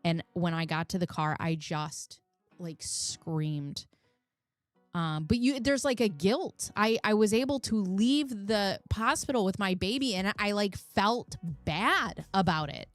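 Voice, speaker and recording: A woman's voice: mid-range voice, animated, slow, dry recording, faint music behind. A middle-aged woman hosting a casual live chat, telling personal stories candidly and swearing freely. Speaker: channel host.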